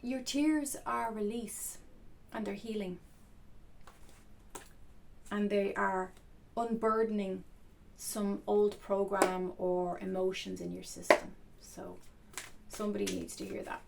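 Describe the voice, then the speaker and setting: Soft-spoken earnest woman, gravelly edge. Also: mid-range voice, steady tone, takes it slowly, pauses often, background noise. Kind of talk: reflective talk to camera.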